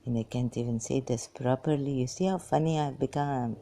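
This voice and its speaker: A tired, weak woman rambling through a personal monologue for her vlog in halting, broken phrases. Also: extremely low pitch, vocal fry, mellow. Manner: halting, fragmented speech with many pauses. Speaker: vlogger.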